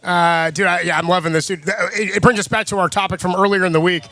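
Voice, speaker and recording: A man's voice: sits high, fairly even intonation, quick pace, pushed and bright, no room sound. A young man co-hosting a sports radio show in a loose, joking way, saying dude a lot. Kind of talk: casual radio chat.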